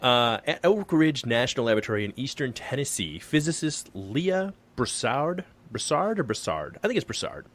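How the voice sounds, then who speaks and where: A man's voice: mid-range voice, sing-song, moderate pace, few pauses, fairly bright tone. A man co-hosting a casual podcast, reading an article aloud over a remote call, joking and tripping over words. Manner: joking, self-deprecating, stumbles over words. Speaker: podcast co-host.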